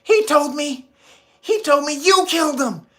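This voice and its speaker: A man putting on the voice of an anguished young male hero, protesting in a high, pleading tone. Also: lively intonation, measured pace.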